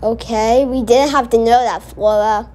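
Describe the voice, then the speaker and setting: Rambling, excitable female reaction host. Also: on the high side, a little slow. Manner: rambling, self-correcting, excitable. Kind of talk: casual reaction commentary.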